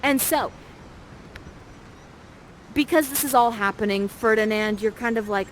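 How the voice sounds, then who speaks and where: A woman's voice: a little high, measured pace, a little hiss or hum, low-quality recording. A woman guiding players through an interactive play, upbeat and teasing, speaking into a headset mic. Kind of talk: playful stage direction.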